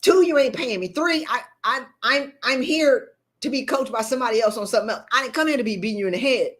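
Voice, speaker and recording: Woman, blunt live-stream coach, preachy, fairly high voice. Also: fast talker. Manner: blunt, preachy, animated, addresses viewers as y'all. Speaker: leadership coach. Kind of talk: live-stream motivational talk.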